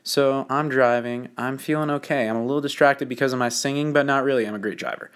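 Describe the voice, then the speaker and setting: A man's voice: medium pitch, fairly even intonation, fast talker, clear, resonant tone. A teenage boy telling a story in a casual, joking way, rambling with lots of fillers and poking fun at himself. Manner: rambling, filler-heavy, self-mocking. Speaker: student narrating a drawing video.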